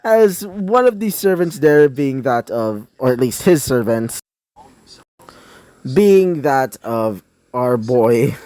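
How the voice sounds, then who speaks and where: A man's voice: medium pitch, dark tone, dry recording. A man improvising a fan-fiction story, rambling with many fillers and self-corrections.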